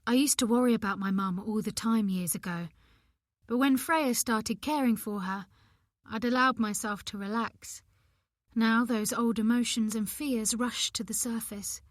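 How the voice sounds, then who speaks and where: A woman narrating an audiobook in the first person, reading in an expressive, measured way. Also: a little high, no echo, clean studio sound.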